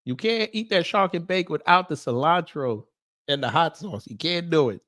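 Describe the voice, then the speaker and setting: A man runs a casual commentary stream. He reads through a list and jokes with his audience as he talks. His voice sits a little higher than most men's. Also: lively intonation, normal speed, fairly bright tone. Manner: joking, talks straight to his viewers.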